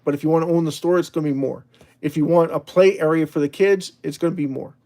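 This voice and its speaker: On the high side and steady, this man talks fast in a warm tone. Hosting a laid-back livestream, he reads out the chat in a rambling, chatty way, with frequent restarts and bursts of laughter.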